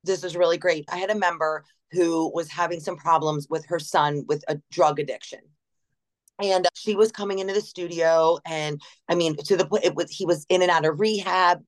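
A woman's voice: on the low side, normal speed. A woman, a gym's general manager, telling stories in an interview and acting out quotes as she goes. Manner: animated, laughing, acts out quotes. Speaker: gym general manager, guest. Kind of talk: casual interview storytelling.

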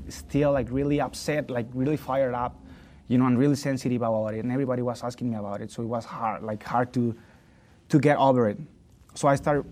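A young man from Mexico with a Mexican Spanish accent, talking casually and profanely in an interview, acting out quotes. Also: mid-range voice. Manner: profane, animated, acts out quotes. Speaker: fighter. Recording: faint background noise.

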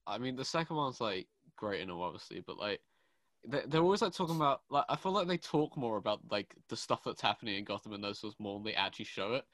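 A man's voice: on the low side, very animated, fairly bright tone, no echo. A man in a casual podcast chat who talks in loose run-on sentences, packed with the filler "like". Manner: fast, heavy use of "like" as filler.

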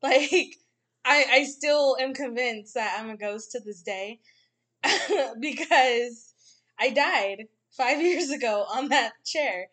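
High-voiced young woman telling a story. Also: takes it slowly. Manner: animated, laughing often, acts out quotes. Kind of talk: casual storytelling chat.

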